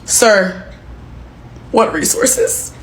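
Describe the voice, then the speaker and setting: A woman's voice: fairly high pitch, huge pitch swings, extremely slow, background noise. A woman chatting casually as she reacts to a clip, amused and teasing.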